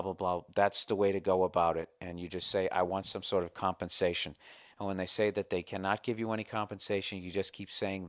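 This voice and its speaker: A man in his forties hosting a podcast, ranting profanely in a casual comedic monologue and reading his own letter in a mock-formal tone. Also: fairly low pitch. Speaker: podcast host.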